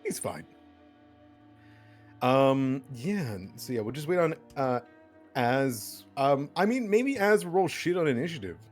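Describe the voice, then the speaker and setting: An easygoing man runs a tabletop session over a voice call. He explains things in a helpful, meandering way, full of ums, and his mid-range voice rises and falls a lot. Soft music plays underneath. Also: medium pitch, very animated, unhurried. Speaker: game master. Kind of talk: explaining game settings and running a tabletop session.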